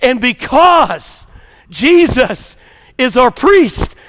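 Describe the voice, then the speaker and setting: A man preaching a sermon to a church congregation, swinging between quiet asides and shouted preaching. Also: very high-pitched, sing-song, very slow. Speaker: pastor. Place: church sanctuary.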